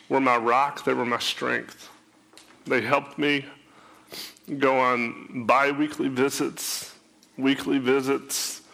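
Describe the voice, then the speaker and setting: A man sharing an emotional personal testimony, often halting and repeating his words. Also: medium pitch, vocal fry, bright, forceful tone.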